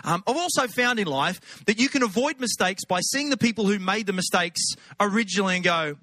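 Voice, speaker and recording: Aussie guy preaching a sermon, kinda high voice, jokey and chatty, middle-aged. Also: animated, fast, sharp tone, no echo. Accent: Australian. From Australia. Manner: humorous, conversational, chatty asides. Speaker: guest preacher.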